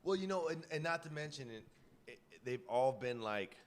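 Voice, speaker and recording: A man's voice: mid-range voice, expressive, moderate pace. A man co-hosting a podcast, telling loose, profane stories in casual chat and laughing often. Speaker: podcast co-host.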